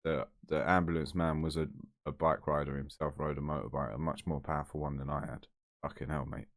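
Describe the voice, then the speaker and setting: A man's voice: very deep voice, fairly even intonation, fairly quick, no echo, studio quality. A man telling a story to camera in a blunt, chatty, heavily sweary way. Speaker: vlogger.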